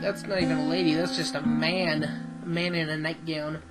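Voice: medium pitch, flat delivery, moderate pace, rough recording. A gamer giving sarcastic, swearing commentary while playing a game. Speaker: let's-play gamer. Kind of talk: live gameplay commentary. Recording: loud game music behind.

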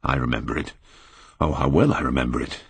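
A man gives voice to a horrified, devout middle-aged painter who pleads and cries out in dismay. The voice is low and husky, recorded close and dry like an audiobook. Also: brisk, no room sound, exaggerated voice. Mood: shaken. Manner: pleading and aghast, rising to cries. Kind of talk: audiobook character reading.

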